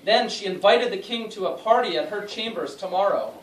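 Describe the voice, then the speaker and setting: A woman's voice: mid-range voice, expressive, a little fast. A woman teacher narrates a school play, reading each line aloud so the children can repeat it. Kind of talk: storytelling narration, prompting lines. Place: school room. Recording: echoey room, distant mic, faint noise.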